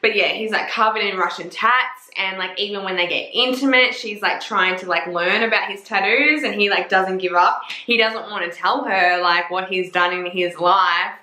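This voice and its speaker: A woman's voice: mid-range voice, moderate pace, hardly any pauses, sharp tone. A young woman reviewing books in a casual chat, gushing and swearing a lot, with plenty of "like" fillers. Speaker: book reviewer. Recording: echoey room.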